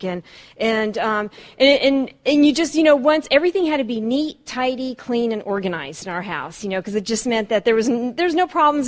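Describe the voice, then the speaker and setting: A woman in her fifties from Southern California tells her life story at a recovery meeting, hesitant and full of ums, with wry humor. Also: fairly high pitch. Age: 50s. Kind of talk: personal storytelling talk.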